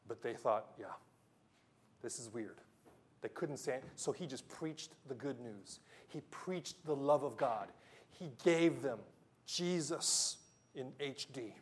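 A pastor delivering a sermon, earnest storytelling that slows for emphasis and drops soft on key lines. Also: male voice, medium pitch.

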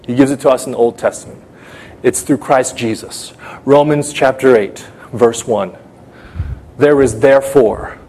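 Husky-voiced preacher giving an urgent sermon. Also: male voice, medium pitch, darkish tone. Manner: urgent, direct address to listeners, dramatic storytelling. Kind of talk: sermon with personal story.

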